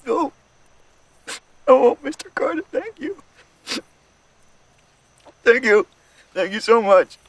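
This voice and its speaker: A man's voice: very high voice, animated, slow, pauses often, no room sound, recorded from a distance, heavily acted, rough recording. An actor playing a frightened, grateful man who begs for his life in pleading, breathless film dialogue.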